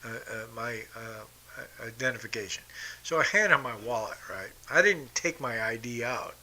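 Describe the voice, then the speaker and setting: A man's voice: mid-range voice, animated, normal speed, bright, forceful tone. A middle-aged man hosting a podcast, telling stories in a blunt, profane, combative way. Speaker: podcast host. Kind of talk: casual storytelling monologue.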